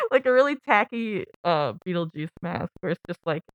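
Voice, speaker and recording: A woman's voice: a little high, unhurried, no room sound. A woman co-hosting a podcast, telling stories in casual chat and giggling often. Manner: giggly, storytelling, expressive. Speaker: podcast co-host.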